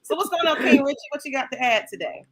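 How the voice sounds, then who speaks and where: A woman's voice: sits high, animated, fast, fairly bright tone. A woman from Georgia with a Southern accent co-hosting a podcast, chatty and upbeat. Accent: Southern American. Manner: chatty, upbeat, with lots of fillers. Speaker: podcast co-host. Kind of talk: casual chat.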